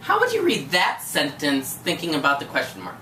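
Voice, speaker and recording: A woman's voice: deep voice, huge pitch swings, fairly quick. A woman teacher, patient and encouraging, tutoring a student one-on-one with many questions. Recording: echoey room from far off, faint noise.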